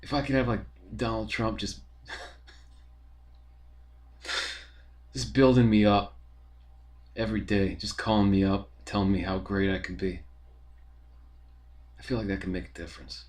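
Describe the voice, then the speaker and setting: A man's voice: fairly low pitch, steady tone, measured pace, long pauses, darkish tone. A young man, talking in a rambling, profane, casual monologue full of fillers as a podcast host.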